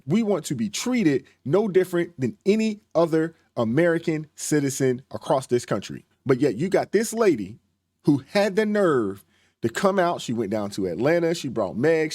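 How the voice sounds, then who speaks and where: A man's voice: on the high side, darkish tone, no room sound, clean studio sound. A man hosting a reaction channel, giving emphatic, preacherly commentary in casual speech. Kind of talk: commentary on a played clip.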